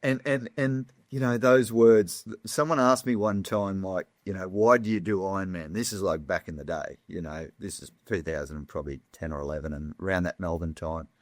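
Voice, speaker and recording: A man's voice: deep voice, moderate pace, hardly any pauses, no room sound, clean studio sound. A man hosting a podcast, asking questions with hesitant restarts. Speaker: podcast host. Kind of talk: interview questions, casual.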